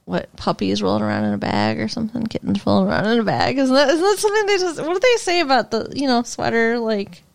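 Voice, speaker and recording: A woman's voice: fairly high pitch, fast talker, gravelly, hardly any pauses. A woman co-hosting a podcast, chatting casually about a TV episode, laughing often and filling her speech with fillers. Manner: giggly, lively, talks with frequent fillers. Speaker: podcast co-host. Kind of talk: casual chat recapping a TV episode.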